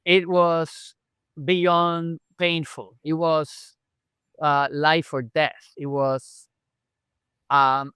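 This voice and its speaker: A man's voice: on the high side, little pitch movement, extremely slow, sharp tone, clear, resonant tone, dry recording. A chiropractor guest telling his story in a conversational podcast interview, acting out remembered dialogue as he goes.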